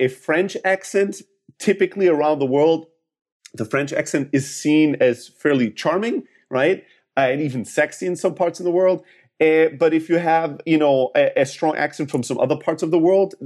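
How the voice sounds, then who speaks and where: A man's voice: a little high, a little mellow. A man explaining sales advice to startup founders in a podcast interview, talking in long, earnest, winding answers.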